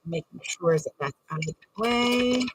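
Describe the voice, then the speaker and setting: A woman talks through a sewing project in a casual, rambling way, correcting herself as she goes. Her voice sits a little low and sounds husky. The sound is dry and a bit distant from the mic. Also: animated, unhurried, no echo. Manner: chatty, rambling, self-correcting while working. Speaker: bag maker demonstrating sewing. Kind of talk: casual sewing tutorial chat.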